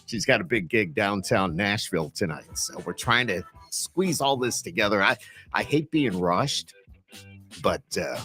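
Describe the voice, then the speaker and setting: A man's voice: fairly low pitch, animated, measured pace, pushed and bright, soft background music. A man with an Upstate New York accent hosting a podcast, chatty and rambling as he talks with a guest over a video call. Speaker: podcast host. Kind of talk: casual interview chat.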